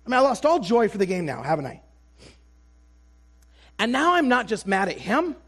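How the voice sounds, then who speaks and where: Man, very high pitch, preacher, sermon, animated storytelling, self-deprecating, restarts often. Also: normal speed, slightly rough. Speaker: traveling preacher.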